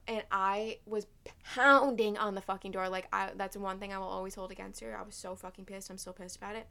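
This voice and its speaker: Profane, animated young woman telling a story. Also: medium pitch, fast, vocal fry. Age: 20s. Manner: animated, profane, loose storytelling with many fillers. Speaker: vlogger. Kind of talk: casual storytime vlog.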